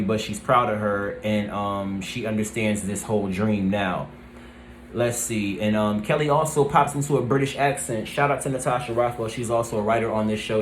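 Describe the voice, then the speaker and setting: A man giving a casual, rambling recap of a TV episode, often pausing with "let's see" and "um". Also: fairly low pitch, slight background noise. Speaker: TV review vlogger. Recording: roomy echo.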